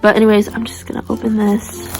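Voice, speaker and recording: Young woman, casual unboxing chat, gushing, gasps often, mid pitch. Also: fast talker, soft background music. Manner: excitable, gushing, breathless gasps. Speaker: squishy unboxing vlogger.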